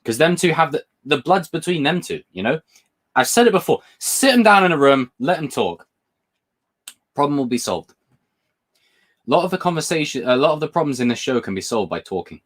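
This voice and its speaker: A man's voice: a little high, big pitch swings, brisk. A British man hosting a livestream, chatting casually and rambling between topics as he reads viewer comments. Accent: British English. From Britain. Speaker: livestream host.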